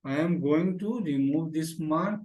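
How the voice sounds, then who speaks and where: A man's voice: fairly high pitch, measured pace, darkish tone, echoey room, lo-fi sound. A man teaching a beginner HTML lesson, repeating phrases and calling the class "guy". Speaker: programming teacher. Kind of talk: screen-share coding lesson.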